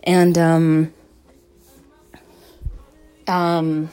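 A woman's voice: low voice, level tone, drawn-out words, mellow, clear, resonant tone, soft background music. A young woman vlogger telling a story to her viewers in a casual, rambling way, swearing often and filling gaps with "like" and "um". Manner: rambling, profane, lots of "like" and "um".

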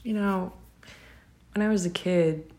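A young woman, speaking gently and tenderly to a partner in a whispered role-play, with soft laughs. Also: fairly low pitch, steady tone, unhurried. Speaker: affectionate partner.

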